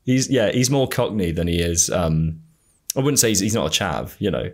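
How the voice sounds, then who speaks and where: A podcast host with a generic Southern English accent talks in a slightly low voice. He chats casually, hesitating and trailing off between thoughts. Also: lively intonation, normal speed. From England. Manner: hesitant, trailing off with many fillers. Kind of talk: casual chat.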